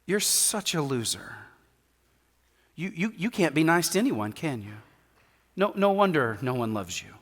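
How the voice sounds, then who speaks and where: A man's voice: fairly high pitch, big pitch swings, unhurried, pauses often, fairly bright tone, heavily acted. A man playing Satan, sneering and belittling. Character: Satan, a contemptuous accusing spirit. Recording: reverberant church hall.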